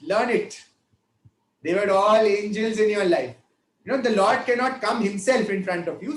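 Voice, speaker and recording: Brief: man, spiritual teacher, chatty devotional storytelling; high voice, echoey room. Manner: conversational, checks in with listeners.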